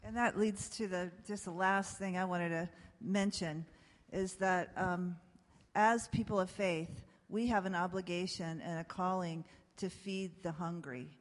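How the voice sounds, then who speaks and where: A woman's voice: lowish voice, steady tone, measured pace. A woman moderating a panel, earnestly rallying the audience, in an echoey hall. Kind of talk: panel discussion.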